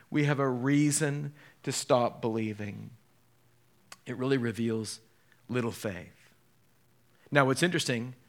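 A man preaching to his church, retelling scenes from the gospels and going from a soft, slow tone to loud, lively bursts. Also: fairly high pitch. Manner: dramatic, quick shifts between soft and loud, voices the figures he quotes. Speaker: pastor. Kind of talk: sermon.

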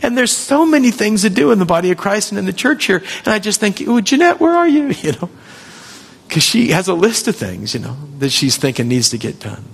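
A man pastor giving a lively sermon to his church, acting out quoted voices. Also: sits high, brisk, vocal fry, slightly rough. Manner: animated, acts out quoted voices. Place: church hall. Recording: long hall reverb.

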